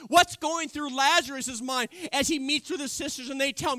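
A man preaching a sermon, retelling a scripture story with animated storytelling and emphatic bursts. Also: extremely high pitch, brisk, hardly any pauses, no echo, studio quality.

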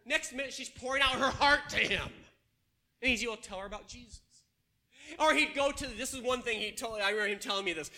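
A man preaching a sermon to his congregation, telling stories in an animated way and asking them questions. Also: very high-pitched, a little fast. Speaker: pastor. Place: church.

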